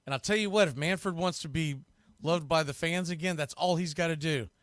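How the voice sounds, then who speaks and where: A man hosting fan play-by-play, rambling through opinionated asides between pitches on a close mic. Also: brisk, fairly bright tone, no echo. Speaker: host and play-by-play announcer.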